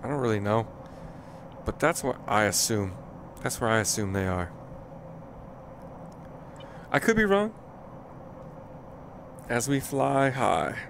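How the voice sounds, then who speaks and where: A man's voice: on the low side, moderate pace, gravelly. Dude livestreaming a flight sim, just chatting and roasting his own flying, faint engine hum in back. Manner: chatty, self-deprecating, talks to viewers. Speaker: streamer playing a flight game. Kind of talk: casual live gameplay commentary.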